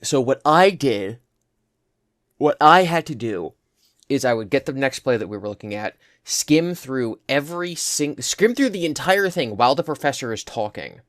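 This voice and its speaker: A hoarse young man in his twenties, co-hosting a podcast and telling stories in a chatty way. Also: mid-range voice, animated, normal speed, fairly bright tone, no echo, studio quality. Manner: chatty, tells anecdotes. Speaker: podcast co-host. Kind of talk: casual chat.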